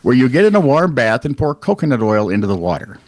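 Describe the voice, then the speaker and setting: A man's voice: mid-range voice, quick pace, no echo. Guy reading weird news on a podcast, wry, lots of ups and downs in his voice. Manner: wry storyteller, animated, trails off and restarts. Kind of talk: casual comedic news chat.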